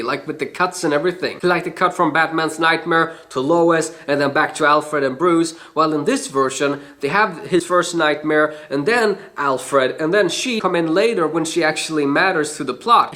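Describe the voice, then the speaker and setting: A man's voice: on the high side, sharp tone. A man giving a casual, frank spoken film review, chatty and swearing now and then.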